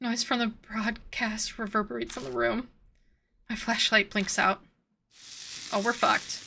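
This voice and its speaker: A woman streaming a visual novel reads the game text at a measured pace, her fairly high voice showing vocal fry and fairly even intonation against a noisy background and game music. Her casual reactions are giggly, loud, and full of swearing.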